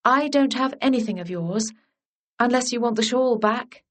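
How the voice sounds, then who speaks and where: A woman voicing a composed young governess who speaks crisply and coolly. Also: fairly high pitch, moderate pace, close to an everyday voice. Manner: crisp and cool.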